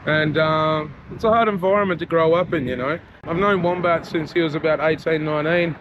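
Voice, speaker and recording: With a slightly high voice and a brisk pace, an Australian man, a vlogger and rapper, wanders a town street and mall chatting casually. He's relaxed and heartfelt, filling his talk with frequent "you know". The noisy outdoor recording sounds muffled.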